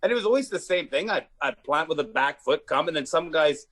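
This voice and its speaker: Husky-voiced Canadian man telling stories. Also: a little high, a little fast. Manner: animated, swearing, acts out quotes. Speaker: comedian guest. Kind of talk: casual storytelling.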